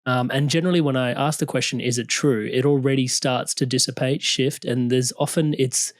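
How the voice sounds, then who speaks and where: A man's voice: medium pitch, fairly even intonation, brisk, no echo. Man with a dry close-mic sound. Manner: reflective, filler-heavy questions. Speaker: podcast host. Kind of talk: interview chat.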